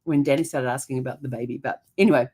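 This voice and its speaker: A woman's voice: rumbling low, very fast, warm tone, a little hiss or hum. A middle-aged woman, casually telling a personal story for her vlog, chatty and rambling, laughing often and acting out the voices of people she quotes. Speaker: host.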